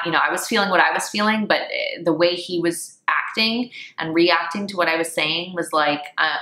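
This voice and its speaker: A woman's voice: low-pitched, sharp tone. A woman in her thirties telling a personal story in a casual vlog, chatty and emotional, laughing often. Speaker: vlogger. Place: home room, indoors. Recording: echoey room.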